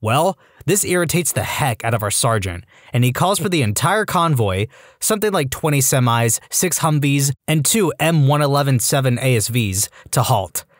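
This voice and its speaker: A man narrating online stories for a podcast in a lively, expressive storytelling delivery, close on a studio mic. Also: medium pitch, moderate pace, dry recording.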